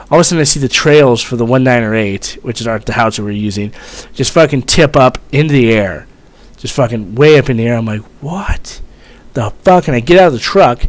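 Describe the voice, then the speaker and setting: A young man casually telling a rambling, profane story as a vlogger, full of fillers and swearing. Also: mid-range voice.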